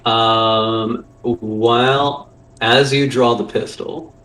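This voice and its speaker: A man running a tabletop game as game master, relaxed and accommodating with his players. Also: medium pitch, drawn-out words, roomy sound, far from the mic, a little hiss or hum, rough recording.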